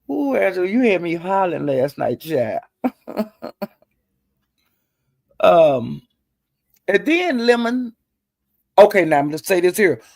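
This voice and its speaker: A middle-aged woman telling gossip in a chatty, salty way, calling listeners honey and girl and jumping her pitch up high when she quotes people. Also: slow, creaky, pauses often, dry recording. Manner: animated, jumps her pitch up high when quoting others. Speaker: online commentator. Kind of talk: casual gossip storytelling.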